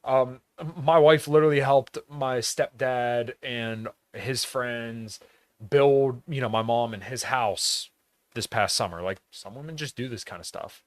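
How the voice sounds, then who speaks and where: A man's voice: mid-range voice, measured pace. A man from rural Pennsylvania hosting a podcast in a blunt, profane, casual monologue, laughing often. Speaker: podcast host.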